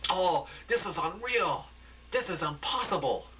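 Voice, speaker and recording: A frantic male TV field reporter, read out by a man, breathless and climbing toward a shout. The voice sits high and bright, with a tense edge to it. It sounds like an amateur radio play. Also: animated, a little slow, a little hiss or hum, exaggerated voice, rough recording. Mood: horrified. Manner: breathless, rising to near-shouting.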